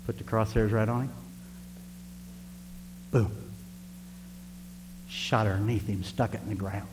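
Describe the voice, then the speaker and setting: A man's voice: lowish voice, a little slow. Man preaching a story in a hall. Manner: animated, talks straight to the congregation. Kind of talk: sermon storytelling. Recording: reverberant hall with faint hum.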